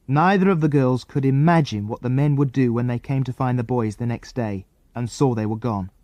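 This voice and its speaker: A man narrating a children's adventure audiobook in an expressive, lively reading style. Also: medium pitch, no room sound. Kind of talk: scripted storybook narration.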